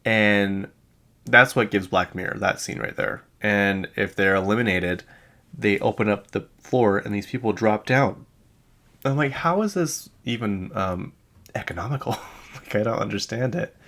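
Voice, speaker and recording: A man's voice: on the low side, steady tone, unhurried, vocal fry, sharp tone. A young adult man hosting a podcast in casual chat, rambling and incredulous, often laughing mid-sentence. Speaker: podcast host.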